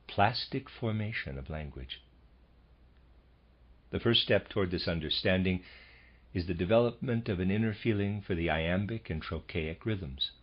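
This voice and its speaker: Deep husky man reading a lecture. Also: muffled recording. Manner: measured, formal lecturing delivery. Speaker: audiobook narrator. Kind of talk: scripted audiobook reading of a lecture.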